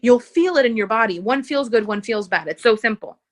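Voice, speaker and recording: Woman coach, bright-ish higher voice, earnest and emphatic, leans on repetition. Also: expressive, fairly quick. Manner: earnest and emphatic, repeats key phrases. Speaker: relationship coach. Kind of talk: live coaching session, reading out viewer comments.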